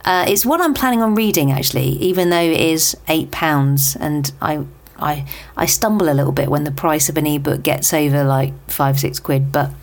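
Chatty British podcast host, a woman with a lowish voice, reading a book roundup with asides. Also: moderate pace, gravelly, few pauses, slight background noise. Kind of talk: scripted book chart roundup.

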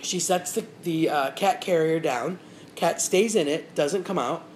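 A woman's voice: low-pitched, a little slow, darkish tone, slight background noise. A woman in casual chat, telling a funny story with lots of energy, acting out the people she quotes and laughing as she goes. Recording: roomy echo with faint ambience.

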